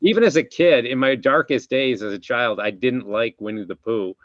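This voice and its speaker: Hosting a casual interview chat, a man who works as a chiropractor and podcast host talks in a rambling, reflective way, restarting often. His mid-range voice moves at a moderate pace, and the recording is dry, dull, and lo-fi.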